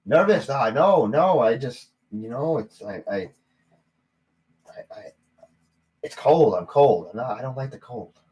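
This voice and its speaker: A man's voice: mid-range voice, lively intonation, measured pace, pauses often, darkish tone, close to an everyday voice. A man voicing a nervous young woman who stammers and dodges questions. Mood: nervous evasive. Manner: stammering, evasive.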